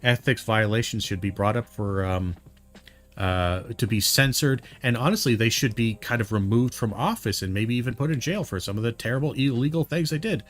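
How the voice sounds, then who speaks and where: Male commentator, mid-pitched, loose and rambling, a bit worked up, light music bed. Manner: rambling, heated, many fillers and restarts. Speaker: commentator reacting to a video. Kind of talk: casual spoken commentary.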